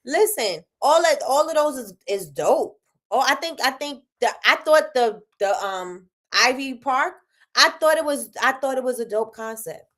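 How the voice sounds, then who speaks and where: A woman's voice: high-pitched, normal speed. A woman hosting a casual livestream, talking business with lots of repetition and reading out chat comments. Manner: animated, repeats phrases, reads chat aloud. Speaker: livestream host.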